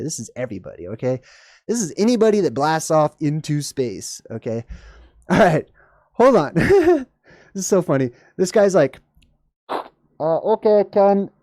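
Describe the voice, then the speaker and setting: A man's voice: dry recording, studio quality. Jokey man riffing over a video. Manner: animated, jokey, voice jumps high when excited. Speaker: video host. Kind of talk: casual reaction commentary.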